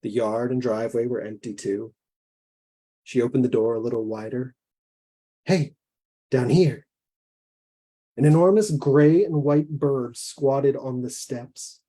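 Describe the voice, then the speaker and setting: A man, a guest author, reading his own fiction aloud in a measured, deliberate way. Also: mid-range voice, fairly even intonation, warm tone.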